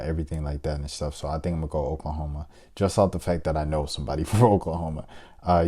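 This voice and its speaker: A young man hosting a casual sports video, thinking out loud as he fills in a basketball bracket, with hesitant fillers and playful shout-outs. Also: deep voice. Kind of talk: casual bracket-picking chat.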